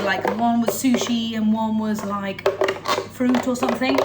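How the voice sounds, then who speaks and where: A woman's voice: a little high, fairly quick, very noisy. Chatty woman food vlogging. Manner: chatty, enthusiastic, talks while eating. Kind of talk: casual food vlog chat.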